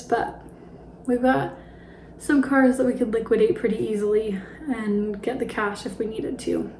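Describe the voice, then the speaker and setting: A woman's voice: a little high, darkish tone, reverberant, a little hiss or hum, poor audio. A woman in her twenties talking casually about her family finances, slightly out of breath, with light laughs and fillers. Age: 20s. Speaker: personal finance vlogger. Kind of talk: casual talk to camera.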